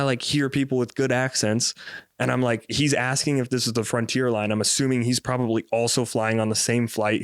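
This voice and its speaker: A man's voice: mid-range voice, clear, resonant tone, no echo. Young male podcaster, casual rambling story, clean resonant voice. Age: 20s. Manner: rambling, profane, animated storyteller. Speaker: podcast host.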